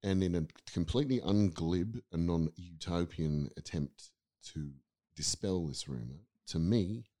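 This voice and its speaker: A man's voice: sits low, a little slow, few pauses, warm tone. A middle-aged man, a guest acting teacher, musing thoughtfully in a casual podcast chat with frequent restarts.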